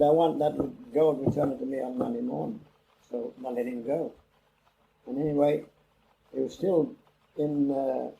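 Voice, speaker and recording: Older man, gravelly and dark-toned, rambling oral-history storyteller, faint tape hiss. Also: medium pitch, lo-fi sound. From England. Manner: rambling, acts out quoted dialogue. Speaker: interviewee. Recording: old cassette interview with faint hiss.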